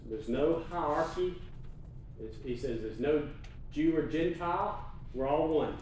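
A man's voice: a little high, lively intonation, a little mellow, a little hiss or hum. Male preacher in an echoey sanctuary. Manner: emphatic, slows down to stress scripture readings; asks the congregation to read along aloud. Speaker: pastor. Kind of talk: sermon. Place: church sanctuary. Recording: echoey sanctuary, mic heard from a distance.

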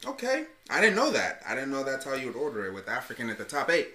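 Man, casual podcast co-host, easygoing chat, bright forceful tone, roomy echo. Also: medium pitch, wildly swooping pitch, fast. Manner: laid-back, says "man" often.

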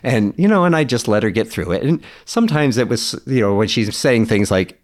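A man talking in a relaxed, earnest way about parenting and mentoring, often quoting people. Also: mid-range voice, a little fast. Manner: earnest, reflective, quotes others in animated voices. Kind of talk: casual conversation.

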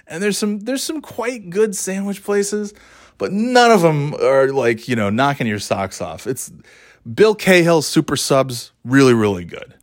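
A man's voice: on the high side, sing-song, unhurried. A middle-aged man hosting his own podcast, talking in a rambling, casual way, swearing freely and laughing at himself. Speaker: podcast host. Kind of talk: casual solo podcast monologue.

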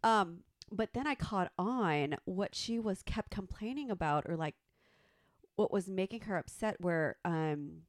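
A woman in her thirties telling a story in casual chat, animated and profane, acting out the quotes. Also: lowish voice, measured pace, no room sound, studio quality. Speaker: podcast co-host.

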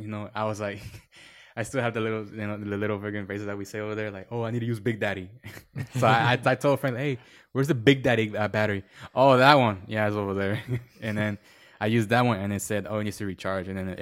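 Low-voiced guy rambling fast through work stories, lots of "you know". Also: steady tone. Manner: rambling storyteller, many fillers and quoted voices. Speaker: podcast guest. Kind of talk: casual chat.

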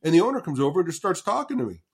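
A man in his sixties, a marketing consultant telling a story as a podcast guest, animated, often stumbling and repeating words, swearing casually. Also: sits high, racing, husky.

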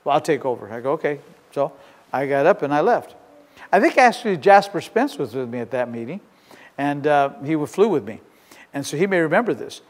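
Male pastor, high-pitched, animated storyteller; long church reverb. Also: fairly quick. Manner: storytelling, animated, swings between loud and hushed. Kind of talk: sermon. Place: church sanctuary. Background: congregation shouting.

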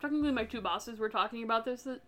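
A woman's voice: on the high side, racing, fairly bright tone. A young woman co-hosting a casual podcast, dropping dry, quippy remarks into the chat. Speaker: podcast co-host.

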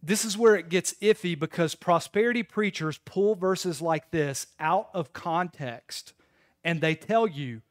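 A man's voice: high voice, unhurried, dry recording, studio quality. A man in his thirties, a pastor, preaching a sermon in a conversational storytelling way to his congregation.

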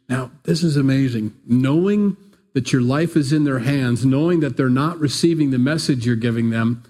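A man preaching a conversational sermon into a microphone in a small church room, animated and acting out different voices. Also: medium pitch. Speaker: pastor. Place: church room, not big. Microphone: pulpit microphone.

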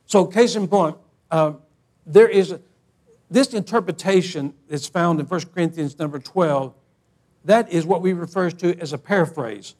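A man delivers a sermon in a notably high voice. He tells a humorous story in a folksy, animated way and often repeats words as he builds toward the point. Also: normal speed. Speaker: preacher.

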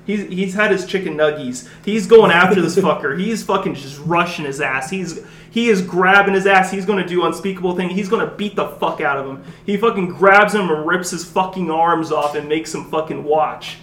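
A man's voice: high voice, normal speed, fairly bright tone, echoey room. A young man swearing and laughing as he recaps a web series he made, in a casual chat. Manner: crude, swears a lot, laughs often.

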